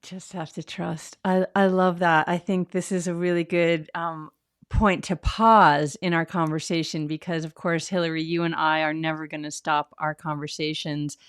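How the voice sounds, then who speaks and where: A woman's voice: low-pitched, level tone, clean tone. A woman hosting an interview, speaking in a thoughtful, reflective way. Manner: slow, thoughtful. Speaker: host. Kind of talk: casual interview chat.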